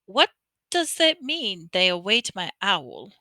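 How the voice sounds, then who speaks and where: A woman voicing an eager, bewildered eleven-year-old boy who stammers in a high voice. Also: big pitch swings, slow, sharp tone, no room sound, heavily acted. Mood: puzzled.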